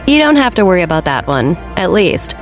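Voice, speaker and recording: Woman doing a kind teen girl, warm and sincere, faint music behind. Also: lowish voice, very animated, brisk.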